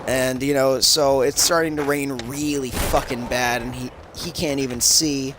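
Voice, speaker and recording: In casual game-stream chat, a man with a medium-pitched voice, fairly even intonation, and moderate pace rambles through a movie's plot. Swearing and fillers are frequent, and the recording is crackly with background noise.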